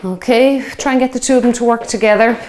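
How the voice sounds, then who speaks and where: A woman's voice: fairly high pitch, fast, darkish tone, a little hiss or hum. Breathless woman leading a workout. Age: 50s. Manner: chatty, encouraging, counts reps aloud. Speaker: fitness instructor. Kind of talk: guided workout instruction.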